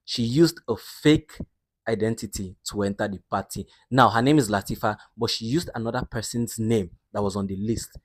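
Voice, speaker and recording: A man's voice: lowish voice, normal speed, no echo. A man casually retelling a film's story in a chatty, repetitive way. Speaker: movie recap narrator.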